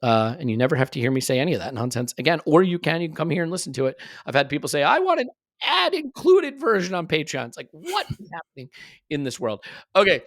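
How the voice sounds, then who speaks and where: A man's voice: medium pitch, rapid-fire, no room sound. Guy hosting a chatty podcast, jokey and wry, dead dry close mic. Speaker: podcast host. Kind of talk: casual podcast chat with ad reads.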